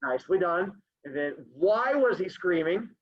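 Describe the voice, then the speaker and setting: With a high voice that swoops broadly up and down, a male teacher animatedly reads his class a story over video call at a normal speed. He interrupts himself for playful jokes with the students, and the call's audio is muffled and low-fidelity.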